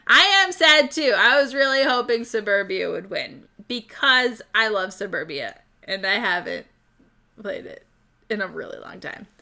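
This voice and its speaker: A woman's voice: medium pitch, lively intonation, normal speed, vocal fry, sharp tone. A woman hosting a live stream, chatting casually with viewers, giggling often and stumbling over words. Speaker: livestream host.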